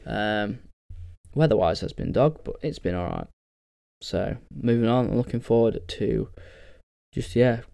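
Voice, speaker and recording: A man's voice: mid-range voice, creaky, warm tone, no room sound, clean studio sound. Sweary man ranting on his podcast. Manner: rambling and sweary, ranting in bursts. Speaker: podcast host. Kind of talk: casual solo podcast chat.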